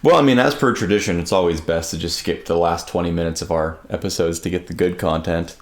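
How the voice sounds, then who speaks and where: A man's voice: deep voice, fast talker. A man co-hosting a podcast, chatting casually and joking dryly. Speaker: podcast co-host. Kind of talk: casual chat.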